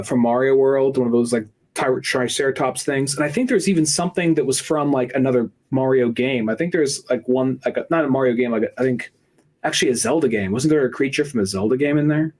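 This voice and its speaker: A man's voice: medium pitch, normal speed, darkish tone. A man co-hosting a podcast, rambling through game memories in crude, profane banter. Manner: rambling, profane, trails off and restarts. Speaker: podcast co-host. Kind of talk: casual crude comedic chat.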